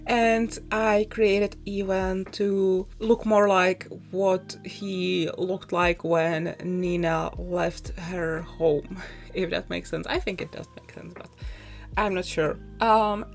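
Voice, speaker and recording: A young woman chatting through a voice-over, a little out of breath and quick to laugh as she rambles through a story. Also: medium pitch, gravelly. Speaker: YouTuber. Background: soft background music.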